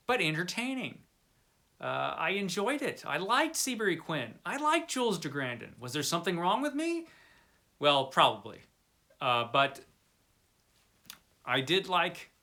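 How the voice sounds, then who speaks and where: A man's voice: fairly high pitch, sharp tone. A man talking casually about old pulp fiction, chatty and rambling, with many fillers and restarts and a wry, enthusiastic tone. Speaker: book reviewer. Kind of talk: casual video talk.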